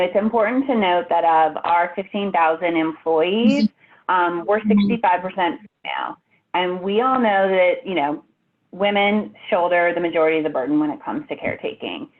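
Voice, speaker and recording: A woman's voice: on the low side, moderate pace. A woman speaking from home as a benefits executive on a webinar, polished but casual with frequent fillers. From United States. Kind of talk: webinar presentation. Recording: tinny phone-like audio.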